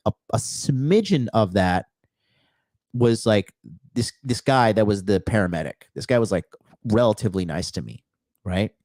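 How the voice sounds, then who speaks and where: A man's voice: mid-range voice, darkish tone, dry recording, studio quality. A dating coach telling a personal story to his viewers in a profane, emphatic way. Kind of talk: casual storytelling monologue.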